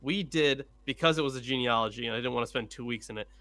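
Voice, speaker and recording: A man hosting a relaxed online panel show, blunt and free with his swearing. His voice is bright and forward at a middle pitch. The sound is dry, with no room around it. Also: quick pace, no room sound. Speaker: host. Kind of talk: casual panel chat.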